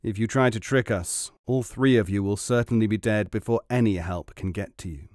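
A man voicing a male resistance leader who speaks slowly and deliberately, with calm menace. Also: on the low side, no echo, studio quality, natural voice. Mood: menacing.

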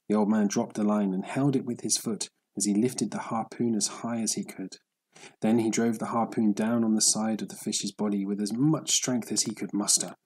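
A man narrating a story in a steady, measured audiobook reading. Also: on the low side, slightly rough, poor audio.

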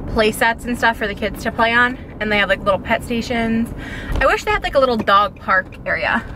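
A woman's voice: fairly high pitch, animated, a little fast. Chatty young woman vlogging, noisy background. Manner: chatty, filler-heavy, many "like"s. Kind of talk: casual vlog chat to camera. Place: inside a car, then at home.

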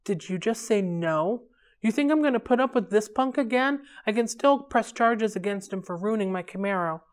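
Crude bully stepfather, low and growling, threatening, voiced by a woman reader. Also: lively intonation, moderate pace, clean tone, lightly acted. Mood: menacing. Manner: sneering, threatening. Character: gruff bullying middle-aged stepfather, crude.

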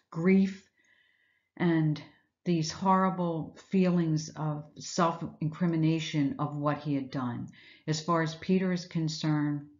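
Woman, low voice, sermon, reflective storytelling, dull lo-fi sound. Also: darkish tone. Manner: reflective storytelling with rhetorical questions. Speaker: speaker giving an Easter message.

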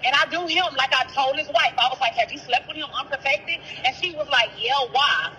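High, bright-voiced woman caller. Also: fairly quick, slight background noise, low-quality recording. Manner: blunt, profane, animated storytelling with quoted dialogue. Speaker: caller, sister of the rapper discussed. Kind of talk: phone-in interview, heated storytelling.

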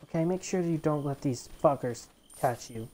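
A woman commentating a video game she is playing, swearing often and getting quickly exasperated at the game. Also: deep voice, background noise. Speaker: gamer. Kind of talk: let's play commentary.

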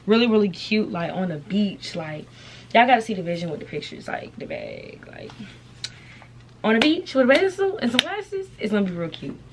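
A woman's voice: mid-range voice, wildly swooping pitch, normal speed, noisy background. A young woman chatting casually to her camera at home, full of slang and "y'all". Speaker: vlogger.

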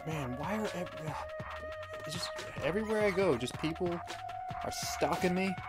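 A man giving let's play commentary, rambling with deadpan absurd jokes. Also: sits high, normal speed, loud music behind the voice. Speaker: gamer.

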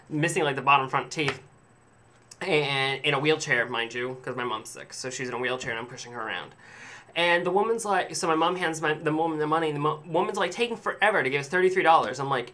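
A man's voice: a little high, sharp tone. A man telling a rambling, sarcastic story to camera in a casual vlog, swearing freely. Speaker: vlogger.

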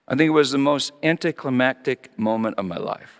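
Animated, high-pitched middle-aged male pastor. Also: a little fast, gravelly, hardly any pauses, in a large hall. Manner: animated, acting out his children's voices. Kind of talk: sermon storytelling.

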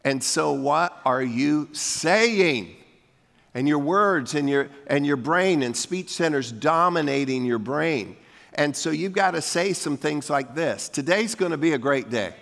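A man's voice: fairly high pitch, animated, slow pace, vocal fry, a bit bright. An older man preaching a sermon as pastor, folksy and coaxing the congregation to repeat lines after him. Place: church sanctuary. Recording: long hall reverb from a church sanctuary.

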